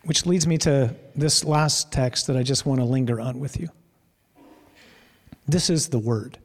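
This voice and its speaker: A man's voice: mid-range voice, measured pace, in a large hall. A man preaching a sermon in a church, telling a story vividly and drawing out key words for emphasis.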